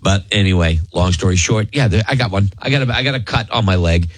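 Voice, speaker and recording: Husky, rambling self-mocking radio host man. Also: sits low, fast talker, dry recording. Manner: frequent restarts and oaths. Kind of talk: casual radio banter.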